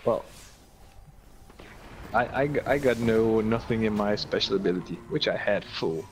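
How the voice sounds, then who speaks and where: A man with a Dutch accent, chatting casually while streaming a game, excitable and prone to stammered restarts. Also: fairly low pitch, moderate pace. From Netherlands. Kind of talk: casual gaming chat. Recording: dull lo-fi mic, faint noise.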